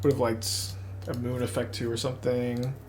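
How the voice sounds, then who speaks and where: A man with a Texas accent talks through his online card game as he plays. He thinks aloud in a rambling, excitable way, jumping between plays and side thoughts. His voice reaches a desk mic in casual gameplay commentary. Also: medium pitch, moderate pace, slight background noise.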